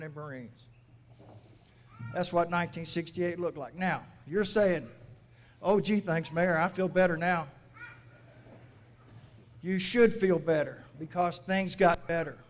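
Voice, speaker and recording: 60s guy, a mayor giving a grad speech, folksy storyteller, bit of a higher voice, long echoey hall. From United States. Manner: folksy storytelling with quoted dialogue. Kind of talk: commencement address. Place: large graduation venue. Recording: echoey hall from a public address.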